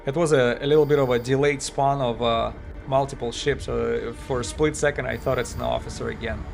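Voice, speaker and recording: A man's voice: medium pitch, fairly even intonation, a little fast, gravelly, soft background music. Man streaming a game, voice tiring. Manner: chatty, thinks aloud with fillers and non-native phrasing. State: voice tiring after hours of talking. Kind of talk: casual live-stream commentary.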